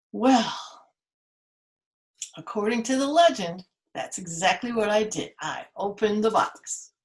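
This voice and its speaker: A woman playing Pandora, a curious, vain young woman from Greek myth, in a playful, theatrical storytelling manner. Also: mid-range voice.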